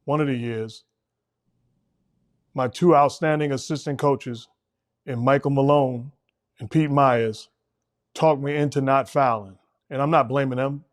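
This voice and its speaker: A middle-aged man hosting a casual basketball talk show, speaking emphatically and repeating words when he presses a point. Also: mid-range voice. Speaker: host, former coach.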